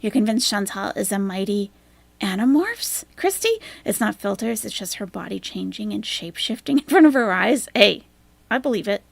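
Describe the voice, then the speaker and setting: A woman's voice: mid-range voice, lively intonation, normal speed, gravelly, dry recording. A woman streamer giving sarcastic live reaction commentary, often dropping into muttered asides. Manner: sarcastic, drops into asides and whispers.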